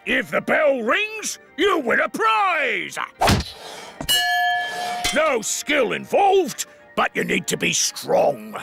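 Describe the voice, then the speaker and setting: A gravelly fairground barker. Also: male voice, extremely high pitch, big pitch swings, extremely slow, pauses often, over loud music, full character voice. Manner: barking showman patter. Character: loud fairground stall keeper.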